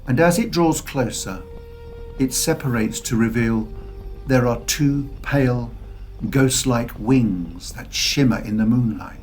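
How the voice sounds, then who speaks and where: A man narrating a fantasy audiobook in a slow, expressive storytelling voice. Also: mid-range voice, faint music behind.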